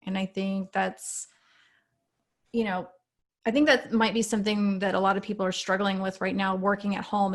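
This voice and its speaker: A woman in her thirties speaks in a relaxed, advice-giving way on a podcast, often adding "you know." Her voice sits at a middle pitch with a clear gravelly fry. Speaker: podcast guest or host, parent. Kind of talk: casual podcast conversation.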